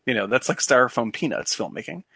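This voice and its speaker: A man's voice: mid-range voice, lively intonation, fast talker, creaky, bright, forceful tone, slightly rough, dry recording. Brief: man, podcast co-host, rambling and profane, dry close sound. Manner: rambling, profane, many fillers and restarts. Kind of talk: casual chat.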